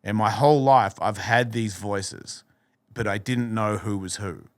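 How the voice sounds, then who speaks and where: A man's voice: on the low side, measured pace, no room sound, studio quality. A middle-aged man, a podcast guest, telling a personal story candidly, swearing freely and acting out the voices in it. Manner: profane, animated storyteller who acts out voices.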